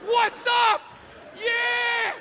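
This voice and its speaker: A man voicing an excited male gorilla who shouts a hyped greeting. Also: very high voice, drawn-out words, big-room sound, a faint crowd, voice pushed up, full character voice.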